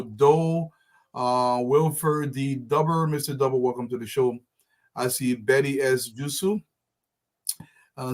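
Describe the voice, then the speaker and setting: A man from Liberia runs a live talk show and greets his audience by name. His delivery is friendly and rambling, full of fillers and restarts, in an ordinary voice of medium pitch.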